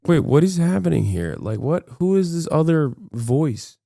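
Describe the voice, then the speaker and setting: A man in his thirties streams himself reacting to clips, ranting in exasperated disbelief and cursing freely. His voice is slightly high, gravelly and warm, very animated at a normal speed, with a little background noise.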